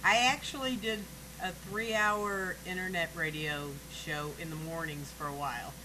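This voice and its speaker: A woman's voice: on the low side, fairly even intonation, normal speed, noisy background. A woman hosting an online talk show, easygoing and laughing along with her guest. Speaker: host; former morning radio host. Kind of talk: casual chat.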